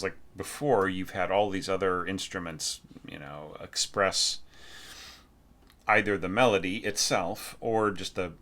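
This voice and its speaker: A man teaching orchestration, giving a relaxed spoken evaluation of a student's score while thinking aloud and humming phrases on nonsense syllables. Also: deep voice.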